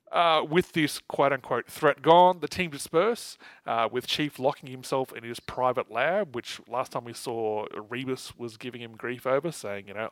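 A chatty man hosts a podcast and recaps comics with dry, wry asides, laughing often. His voice is mid-pitched and sounds close and dry, with no room around it. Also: moderate pace, fairly bright tone, no room sound, poor audio. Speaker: podcast co-host. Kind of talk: casual chat recapping comics.

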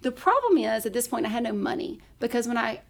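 A woman's voice: fairly high pitch, big pitch swings, fast, creaky. A woman telling a personal story in casual conversation, chatty and laughing often. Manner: chatty, laughs often, acts out her own past words. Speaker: podcast guest.

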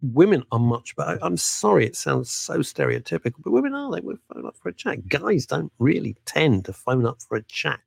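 A man talks as a guest on a podcast, his pitch swooping animatedly and his voice gravelly and a little husky. He is emphatic and keeps throwing in asides. The sound is dry and close. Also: very animated, fairly quick, hardly any pauses, no echo. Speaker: guest broadcaster. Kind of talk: conversational podcast interview.

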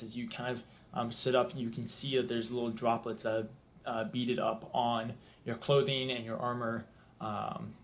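A man narrating a tabletop game as game master, relaxed and peppered with ums. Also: mid-range voice.

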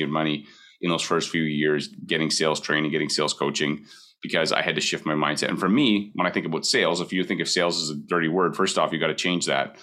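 A man in his forties with a very low voice talks quickly in a candid, conversational way. His tone is bright and forceful, and he repeats his points for emphasis. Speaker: mortgage broker. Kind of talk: casual advice talk.

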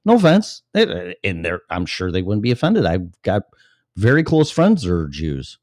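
A man's voice: sits low, sing-song, moderate pace, no room sound, studio quality. A man from Illinois, hosting his own show, reading news stories aloud and breaking off into blunt, profane, sarcastic rants. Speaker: podcast host. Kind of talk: reading news with ranting commentary.

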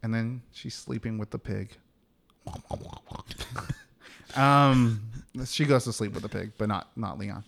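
A man's voice: fairly low pitch, takes it slowly, gravelly, long pauses, a bit bright, a little hiss or hum. A young man co-hosting a casual film podcast, loosely retelling a movie plot with lots of "yo" and "um" and easy laughter. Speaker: podcast co-host. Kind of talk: casual film discussion chat.

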